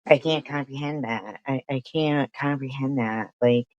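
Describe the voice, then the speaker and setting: Slow, stammering outraged woman. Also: very deep voice, no room sound, dull audio. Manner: stammering, repeating herself, swearing in outrage. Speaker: commentary streamer. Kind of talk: reaction commentary.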